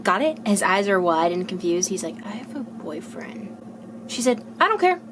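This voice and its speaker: Blunt, animated young woman book vlogger. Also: fairly low pitch, normal speed, noisy background. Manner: candid, animated, blunt, swings to soft asides. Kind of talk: casual reading vlog chat.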